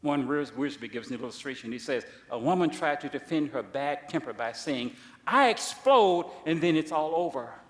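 A man's voice: expressive, moderate pace. Preaching man in an echoey hall. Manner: preaching with big swings in loudness and pitch. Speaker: pastor. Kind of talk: sermon. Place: church sanctuary.

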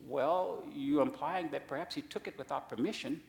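A man pastor preaching a sermon, swinging from soft asides to loud, high-pitched emphasis. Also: moderate pace, creaky. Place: church sanctuary. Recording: echoey church hall.

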